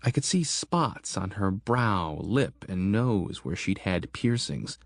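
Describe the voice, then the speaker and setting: A man narrating a horror audiobook in a steady, measured storytelling manner. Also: deep voice, dry recording, studio quality.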